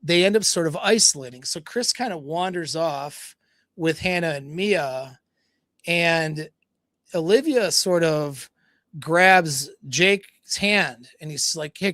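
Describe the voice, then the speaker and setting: A man's voice: on the high side, fairly bright tone, no echo. A man talking as a dating coach on a livestream, retelling a story in a loose, rambling way with many fillers and quoted dialogue.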